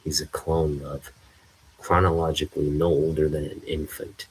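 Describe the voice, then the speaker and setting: A man's voice: extremely low pitch, flat delivery, moderate pace, slightly rough, full character voice, rough recording. A man voicing a cool, calculating rich male villain, reading a comic aloud.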